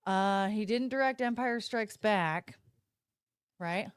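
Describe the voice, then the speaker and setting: A woman's voice: mid-range voice, takes it slowly, clear, resonant tone, no echo, studio quality. A woman hosting a casual livestream, rambling and interrupting herself as she talks to viewers through her phone. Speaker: livestream host.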